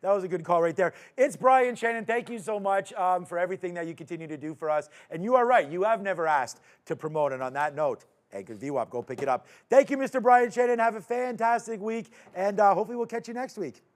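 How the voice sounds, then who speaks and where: A man's voice: high-pitched, expressive. A man hosting a live market recap show, chatting casually and joking between stock calls. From Canada. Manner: upbeat, joking, quick asides. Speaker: host.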